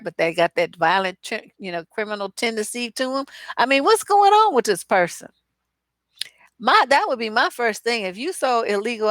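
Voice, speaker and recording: A woman gives dating advice live with blunt, salty humor and lots of repeated asides. She sounds close to the mic in a dry room with no echo. Her pitch sits mid-range for a woman. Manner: blunt, profane, acerbic and animated, with asides and mock dialogue. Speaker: relationship coach. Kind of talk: live-stream advice chat.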